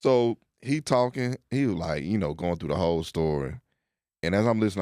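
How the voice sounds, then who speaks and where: A deep-voiced young man telling a story on a casual podcast, his pitch swinging widely as he acts out everyone he quotes. The sound is close and dry, with no room around it. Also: animated, fairly quick, darkish tone, no room sound. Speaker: podcast host.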